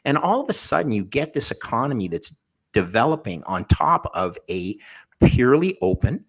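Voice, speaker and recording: A man, a podcast guest, telling jokey anecdotes in a lively panel discussion, with a husky voice. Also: medium pitch, normal speed. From Canada. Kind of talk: animated storytelling in a panel discussion.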